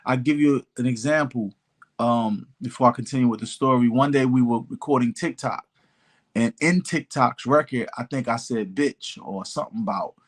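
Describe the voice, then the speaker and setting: A man in his fifties, both a rapper and an elected official, speaks in a mid-range voice at a moderate pace. He's a podcast guest in a casual storytelling interview, animatedly acting out the voices of the people he quotes.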